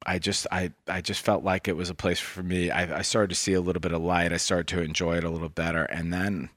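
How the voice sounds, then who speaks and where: A man being interviewed as a guest, recounting his career in a thoughtful, soft-spoken, reflective way. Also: low voice, flat delivery, quick pace, no room sound, clean studio sound. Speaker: interview guest, investment fund co-founder. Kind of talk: reflective personal storytelling.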